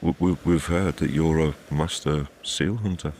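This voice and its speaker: Man doing a very deep, polite but insistent young stranger. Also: fairly even intonation, measured pace, a little mellow, a little hiss or hum. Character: tall young male stranger, a king's messenger, insistent.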